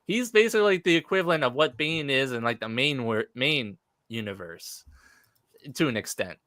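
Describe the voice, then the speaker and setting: A man's voice: mid-range voice, lively intonation, moderate pace, fairly bright tone, no echo, studio quality. A man chatting on a live stream, retelling scenes animatedly with many fillers. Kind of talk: casual chat about comics.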